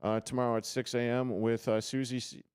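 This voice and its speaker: A man's voice: mid-range voice, little pitch movement, a little fast, darkish tone, clear, resonant tone, no room sound. A man hosting a casual sports radio show from a studio, rambling and joking at his own expense with lots of fillers. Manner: rambling, self-deprecating, many fillers and restarts. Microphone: studio microphone.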